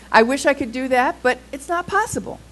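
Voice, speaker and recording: Woman pastor, animated storyteller, slightly high voice, preaching to a congregation. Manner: animated storyteller with quick asides. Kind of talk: sermon with storytelling. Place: in front of a congregation.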